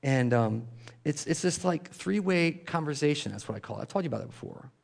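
A man preaching a sermon in a casual, chatty way, full of fillers and asides, who drops to a soft hush when reciting prayers. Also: on the high side, lively intonation, fairly quick, gravelly. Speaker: pastor.

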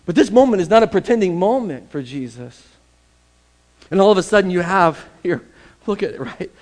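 High-voiced man preaching conversationally. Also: animated, normal speed, a little mellow. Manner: conversational, emphatic, repeats phrases for stress. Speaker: pastor. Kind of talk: sermon.

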